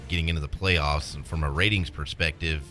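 A man hosting a sports talk show, teasing his co-host with quick remarks. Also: very deep voice, steady tone, pushed and bright, faint music behind.

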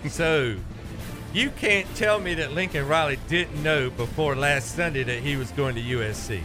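A man co-hosting a casual sports talk show, ranting and teasing his co-host with big swings in pitch and volume. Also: normal speed, music in the background. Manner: teasing, animated, loud rants.

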